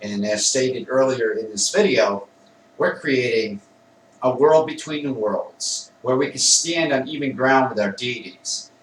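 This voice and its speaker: A man, a Wicca priest, calmly explains a ritual step by step in a plain conversational way, sometimes correcting himself. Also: medium pitch, measured pace, slight background noise. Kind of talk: instructional ritual demonstration. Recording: echoey room, mic at a distance.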